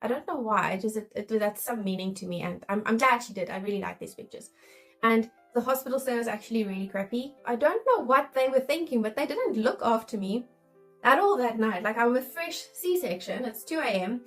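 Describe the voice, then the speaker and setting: A woman's voice: fairly high pitch, lively intonation, brisk, fairly bright tone, faint music behind, poor audio. A woman in her thirties, a midwife, telling her own birth story in a candid, emotional way and acting out her worried thoughts. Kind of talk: casual storytelling to camera.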